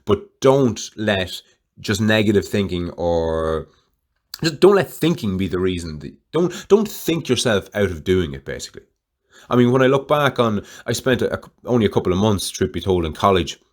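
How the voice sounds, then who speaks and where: A man hosting a solo podcast, talking candidly in a rambling way and swearing freely. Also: lowish voice. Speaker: podcast host.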